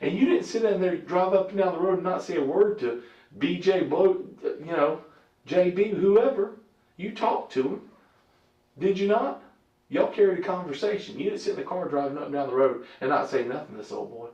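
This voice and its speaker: Blunt, profane detective on an echoey recording. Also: male voice, sits high, lively intonation, moderate pace, a little mellow. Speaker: police detective interrogating a suspect. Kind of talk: police interrogation. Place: interrogation room. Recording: echoey, muffled room recording from a distant mic.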